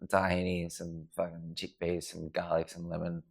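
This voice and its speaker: Man, deep voice, gravelly, casual swearing storyteller. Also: monotone, moderate pace. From Australia. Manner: sweary, rambling anecdotes. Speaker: podcast guest. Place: house at night.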